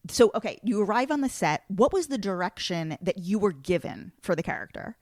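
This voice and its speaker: A woman's voice: medium pitch, lively intonation, a little fast, darkish tone, no room sound, studio quality. A woman hosting an interview podcast, asking questions with a fan's enthusiasm. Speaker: podcast host.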